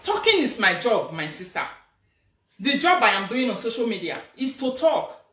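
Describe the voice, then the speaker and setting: A woman with a Nigerian accent hosting a live video as a social media influencer, talking in an animated, scolding, emphatic way. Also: a little high, normal speed, far from the mic. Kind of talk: casual live-stream rant. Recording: echoey room, away from the mic.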